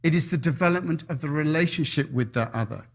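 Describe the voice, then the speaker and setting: A man's voice: a little high, fast talker. A man preaching a sermon in a chapel, telling stories with a repetitive, rhythmic cadence. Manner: storytelling, repetitive cadence, animated voices in anecdotes. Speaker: pastor.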